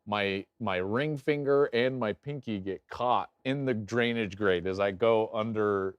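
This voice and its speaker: A middle-aged man hosting a live football watch-along, commenting excitedly on plays and telling stories he acts out loudly. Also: lowish voice, a little slow, clean tone, no echo, lo-fi sound. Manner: animated, jumps into loud acted-out anecdotes. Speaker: host and game analyst.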